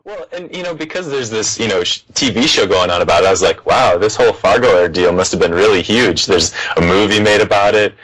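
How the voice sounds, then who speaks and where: A man's voice: fairly low pitch, animated, a little fast, few pauses, fairly bright tone, low-quality recording. A young man co-hosting a casual film chat, laid-back, with many fillers and laughs between thoughts. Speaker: podcast co-host.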